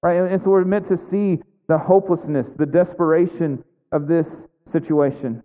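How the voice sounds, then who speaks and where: A man's voice: fairly even intonation, normal speed. Preacher man, thin echoey sound. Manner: conversational preaching, frequent "right?" asides; acts out biblical characters' lines with shifting pitch. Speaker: pastor. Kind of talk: sermon. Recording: echoey hall over a thin phone-like line.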